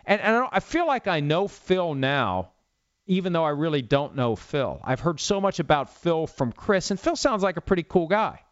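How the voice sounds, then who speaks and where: Man, 50s, solo sports talk host, lively swings in pitch, dry dull studio sound. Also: normal speed, no room sound. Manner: rambling, self-mocking, opinionated. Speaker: sports radio podcast host. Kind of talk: solo talk show monologue.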